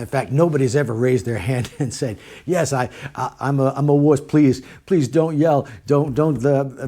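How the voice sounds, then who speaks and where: A man's voice: mid-range voice, warm tone. A middle-aged man, a motorcycle riding instructor, talking casually to the camera in a plain-spoken way and repeating his points for emphasis.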